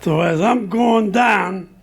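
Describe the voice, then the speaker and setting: Slow gravelly chuckling older man. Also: high-pitched. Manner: chuckling, rambling, slow delivery. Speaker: veteran storyteller. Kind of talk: live anecdote telling. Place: restaurant event room.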